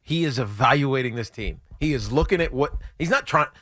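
A man's voice: medium pitch, animated, fairly quick, a bit bright, no room sound, clean studio sound. A man co-hosting sports talk radio, easygoing and amused, making his points matter-of-factly.

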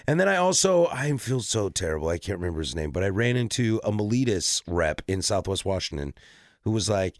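A man's voice: sing-song, fairly quick, no echo, clean studio sound. A man from the co-hosting a podcast in casual chat, talkative and self-deprecating. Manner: chatty, self-deprecating, acts out quotes in a low voice. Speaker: podcast co-host.

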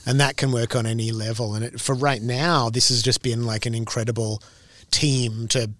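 A man's voice: medium pitch, fairly even intonation, normal speed, a bit bright, dry recording, studio quality. A man who is a singer-songwriter, talking casually and thoughtfully in an interview, often restarting his sentences. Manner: rambling, self-correcting and thoughtful.

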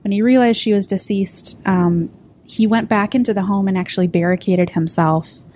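A woman on a podcast walks through a sequence of events step by step, with a middle-pitched voice and many small pauses. Her tone is measured and careful. A faint noise sits behind her voice. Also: steady tone, darkish tone. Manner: detailed, measured recounting with many ums. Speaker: reporter. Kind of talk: podcast discussion.

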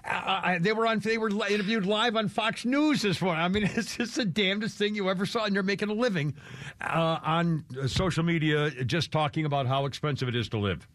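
A man's voice: sits high, a little fast, a bit bright, no room sound. A man hosting a radio show, talking casually in a rambling, chuckling way with many restarts.

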